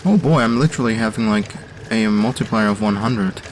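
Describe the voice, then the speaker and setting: A young man with a German accent giving let's-play commentary on game levels, halting and full of pauses and fillers. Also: fairly low pitch, a little hiss or hum. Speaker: host reviewing community game levels.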